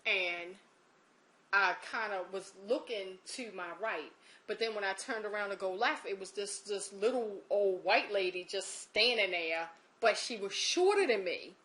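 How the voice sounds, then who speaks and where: A woman telling a personal story in a lively, emotional way, acting out the quotes. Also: mid-range voice, measured pace. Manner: animated, emotional retelling with acted-out quotes.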